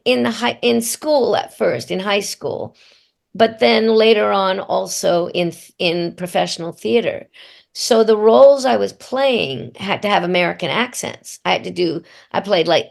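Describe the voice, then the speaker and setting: A woman's voice: medium pitch, vocal fry. A middle-aged woman from Australia, answering interview questions in a reflective storytelling manner. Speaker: voice actor guest.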